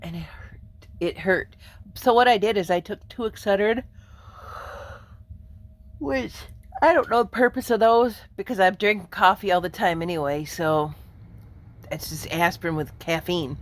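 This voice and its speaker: A woman rambling casually to her viewers while in pain from a migraine, speaking low and quiet, wandering off her thread and laughing often. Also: normal speed, pauses often. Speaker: vlogger. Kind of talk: casual rambling monologue to camera.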